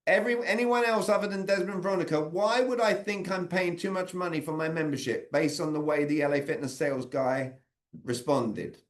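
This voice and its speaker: This man, his voice on the higher side, leads a group session by video call at a brisk clip. He stays conversational and breaks off to question participants by name, much like an interactive sales communication workshop.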